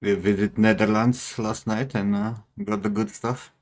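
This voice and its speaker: A man's voice: lowish voice, steady tone, normal speed, a little mellow. A man streaming and chatting casually, blunt and joking and swearing freely. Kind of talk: casual chat on a livestream.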